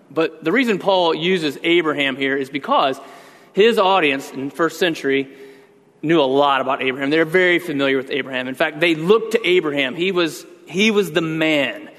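A man's voice: on the high side, a little fast, fairly bright tone, long reverb tail. A man preaching a sermon with earnest emphasis, teaching through rhetorical questions. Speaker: pastor.

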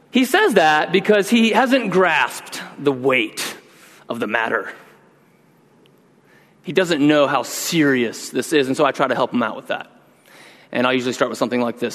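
Middle-aged guy preaching, kinda high voice, big echoey church, tells lively family stories. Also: moderate pace. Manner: storytelling, animated, acting out scolding his kids. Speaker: pastor. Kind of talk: sermon. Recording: long reverb of a large hall.

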